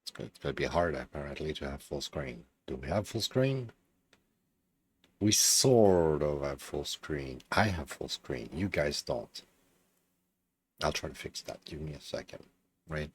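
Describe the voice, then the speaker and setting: A man's voice: a bass voice, expressive, unhurried, a little hiss or hum. A tired man streaming himself playing games, chatting to viewers, often muttering to himself, with bursts of swearing frustration. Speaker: game streamer. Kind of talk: casual live-stream commentary.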